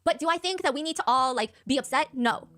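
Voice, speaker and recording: A woman co-hosting a reaction show, retelling reality TV scenes in rapid, animated casual chat. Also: high voice. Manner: rapid, animated storytelling with lots of "like".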